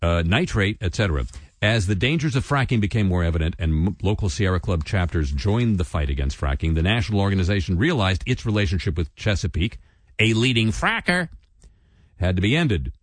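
Man, very low voice, lively swings in pitch, sardonic news commentary, dry close sound. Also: fast, dry recording. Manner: sardonic asides and mock voices between read news items. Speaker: radio commentary host.

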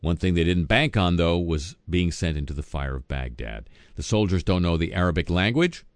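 Low-voiced sardonic man reading satirical news. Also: lively intonation, moderate pace, no echo. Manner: sardonic, wisecracking asides. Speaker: radio news host.

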